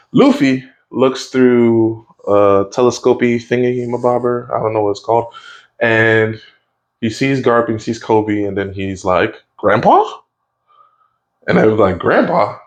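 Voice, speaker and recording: A man's voice: lowish voice, fairly even intonation, a little slow, dull audio. A man giving a casual spoken review of a TV episode, easygoing and rambling, with lots of fillers and restarts. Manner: rambling, with frequent fillers and self-corrections; easygoing and conversational.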